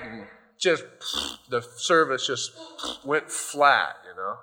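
A man's voice: medium pitch, animated, slow, pushed and bright. A male pastor giving a sermon in a loose, conversational storytelling way, often adding "you know".

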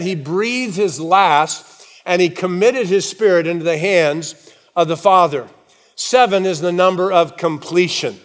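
A male pastor preaching a sermon, slowing down to give quoted words dramatic weight and joking with the congregation in asides. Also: high voice.

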